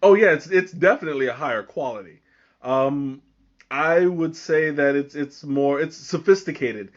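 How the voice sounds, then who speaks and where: A man's voice: on the high side, muffled recording. A man hosting a live tea tasting, talking casually and often stopping mid-sentence to hunt for the right word. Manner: halting, searching for words, many fillers and restarts. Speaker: livestream host.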